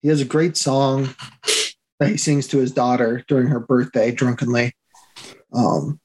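A man's voice: medium pitch, steady tone, a little slow, a little mellow, breathy edge, rough recording. A man co-hosting a casual movie review chat, easygoing and agreeable, trailing off when searching for names. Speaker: podcast co-host.

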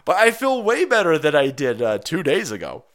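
Man, congested, winded, casual livestream rant, mocking sarcastic tone, lively swooping pitch. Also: moderate pace. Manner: sarcastic, profane, rambling with mocking asides. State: stuffy nose from a cold. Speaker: streamer host.

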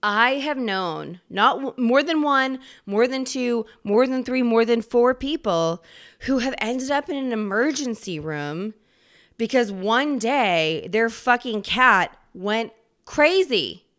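A woman's voice: a little high, takes it slowly. A woman hosting her own podcast, ranting casually and comically with lots of swearing and laughter. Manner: profane, animated, laughs often. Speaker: podcast host. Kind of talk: casual comedic rant.

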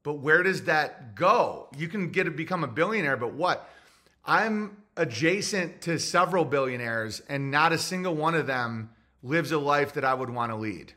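A man's voice: fairly high pitch, animated, moderate pace, bright, forceful tone. A male livestream host in a casual monologue, reading viewer messages and giving blunt, opinionated takes.

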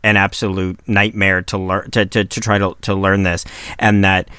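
A man's voice: low voice, little pitch movement, moderate pace, bright, forceful tone, smooth, no echo, studio quality. A man co-hosting a casual parenting chat, thinking aloud with many restarts and fillers. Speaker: podcast co-host and father of twins.

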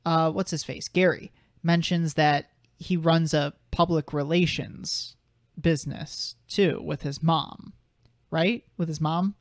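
A man's voice: fairly high pitch, fairly even intonation, slow pace, dry recording, studio quality. A young man co-hosting a podcast, talking through a film in a casual, thoughtful way and arguing his point at length. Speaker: podcast co-host.

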